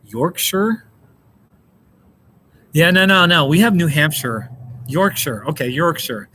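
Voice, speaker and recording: A man's voice: a little high, animated, moderate pace, bright, forceful tone, slight background noise. An American man hosting a casual live stream, chatting with viewers, thanking them by name and laughing often. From United States. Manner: chatty, reads out and answers chat, laughs often. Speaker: livestream host.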